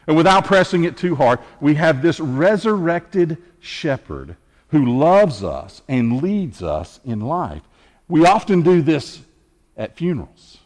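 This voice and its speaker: A man preaching an Easter sermon as pastor, earnest and measured, with emphatic pauses. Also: fairly high pitch, sing-song, darkish tone, big-room sound.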